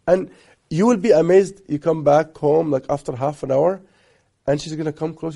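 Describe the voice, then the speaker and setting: A man from Egypt speaks with a deep gravel in his voice, husky and mellow in tone. He is a guest sheikh, unhurried and soft-spoken, giving marriage advice through little stories with amused asides. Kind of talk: relaxed conversational advice.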